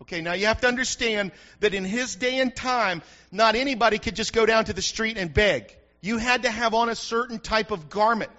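A man's voice: high-pitched, fairly quick, few pauses, pushed and bright, highs cut off. A man preaching a sermon in church, fervent and often asking the congregation if they follow him. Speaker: pastor.

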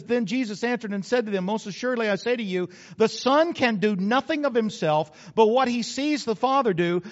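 Male pastor, high-pitched, emphatic conversational preaching, somewhat muffled recording. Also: moderate pace, few pauses. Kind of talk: sermon.

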